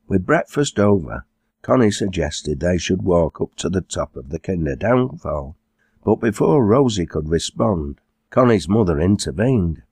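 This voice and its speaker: A man reading his own audiobook in a measured storytelling manner. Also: low voice, expressive, darkish tone, breathy edge, no echo, studio quality. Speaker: author narrating own audiobook. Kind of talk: scripted narration.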